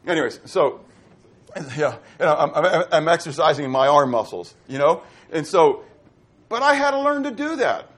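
A man's voice: fairly high pitch, big pitch swings, moderate pace. A middle-aged man from Pittsburgh preaching a sermon as pastor, quizzing his congregation with fill-in-the-blank questions. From Pittsburgh, USA.

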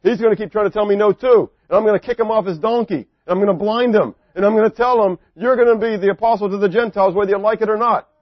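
A man's voice: high voice, quick pace, hardly any pauses, no echo, pitched above the performer's own voice. A man voicing God as a firm, insistent figure who reassures a reluctant prophet. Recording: dry, dull lo-fi recording.

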